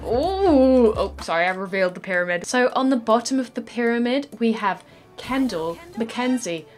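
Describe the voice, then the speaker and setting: A woman's voice: fairly high pitch, expressive, normal speed, soft background music. A woman giving crude, sarcastic gameplay commentary, laughing often. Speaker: gaming YouTuber.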